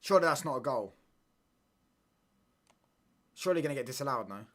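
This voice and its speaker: A man hosting a live football watchalong, talking in excitable, slangy banter and reacting to the play as it happens. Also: mid-range voice, brisk. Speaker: watchalong streamer.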